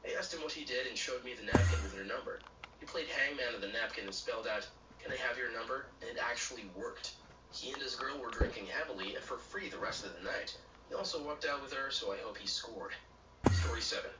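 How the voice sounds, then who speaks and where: A man's computer-generated voice reading short stories aloud in a flat, even way. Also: medium pitch, brisk, loud music behind the voice. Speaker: story narrator. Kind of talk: text-to-speech reading of bartender stories. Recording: echoey, distant, noisy.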